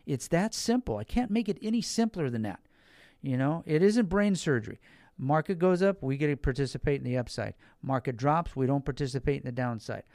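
A financial advisor speaks straight to the listener, pitching financial products in a folksy, repetitive sales style and leaning hard on key words. His voice is medium-pitched and darkish, with lively intonation and a fairly quick pace. There's no echo on the recording.

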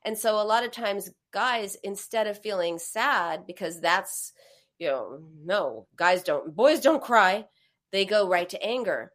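A woman's voice: mid-range voice, a little slow. A middle-aged woman hosting a live advice conversation, talking in a reassuring way and acting out comforting words. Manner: warm, reassuring, acts out comforting quotes. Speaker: host and therapist.

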